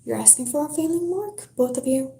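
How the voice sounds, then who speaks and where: A woman's voice: high voice, animated, a little fast, dark tone, reverberant. A woman whispering a sneering male teacher. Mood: mocking. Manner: sneering, sing-song taunts. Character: mocking cruel male math teacher. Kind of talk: whispered book reading.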